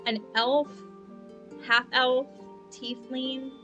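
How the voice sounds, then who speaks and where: A woman's voice: high-pitched, level tone, extremely slow, sharp tone, highs cut off, soft background music. A young woman chatting casually while streaming a game, rambling and upbeat, on a lavalier mic at home. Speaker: gaming streamer. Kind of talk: casual live-stream chat.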